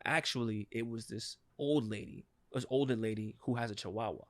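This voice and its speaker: Animated New man telling a story. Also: mid-range voice, fairly quick. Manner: animated, profane, acts out quotes. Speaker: podcast co-host. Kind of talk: casual storytelling chat.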